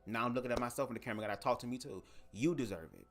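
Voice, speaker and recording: Animated, profane man talking to camera. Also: mid-range voice, very fast, faint music behind. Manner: animated, profane, talks straight to viewers. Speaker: livestream host. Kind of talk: casual livestream monologue. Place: home setup, speaking to camera. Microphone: desk microphone.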